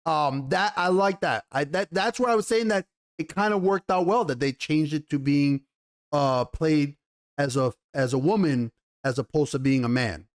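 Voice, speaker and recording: A man giving a casual, animated TV episode review in slangy talk, often repeating himself. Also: fairly high pitch, moderate pace. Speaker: TV show reviewer.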